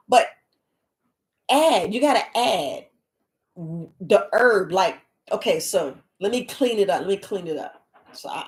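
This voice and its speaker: Woman host, casual, rambling, animated live-stream talk into a close webcam. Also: medium pitch. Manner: rambling, chatty, animated, talks straight to viewers as family. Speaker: herbalist host of a live podcast.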